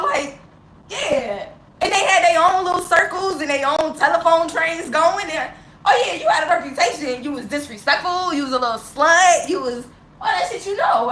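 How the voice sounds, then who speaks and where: A woman's voice: high voice, fairly bright tone. A woman ranting with emotion to camera, heavily profane and impassioned, laughing bitterly and near tears, recorded with a roomy echo. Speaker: vlogger. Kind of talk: unscripted emotional rant to camera. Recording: roomy echo with faint ambience.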